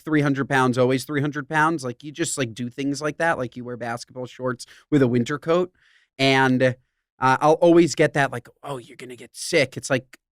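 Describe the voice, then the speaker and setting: A man's voice: fairly high pitch, fairly bright tone, no echo, studio quality. A man co-hosting a podcast in casual chat, blunt and emphatic. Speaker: podcast host.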